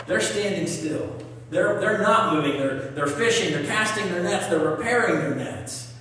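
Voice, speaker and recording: A man's voice: high-pitched, fairly bright tone. A man preaching a sermon, reading scripture aloud and asking his congregation questions. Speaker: pastor. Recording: echoey hall, voice from far off.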